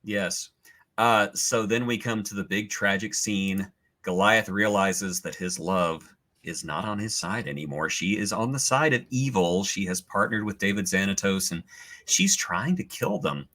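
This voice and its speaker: A man with a low, bright, forceful voice chats casually on a podcast. He talks enthusiastically, teasing about what he won't give away. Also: unhurried. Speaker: podcast co-host. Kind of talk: casual chat.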